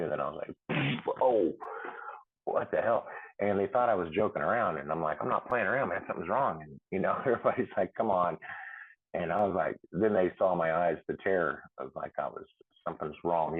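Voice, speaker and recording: A middle-aged man with a very deep, gravelly voice appears as a podcast guest, rambling through the story of his near-death experience. He fills it with fillers and restarts and laughs between lines, all over a tinny, phone-like line.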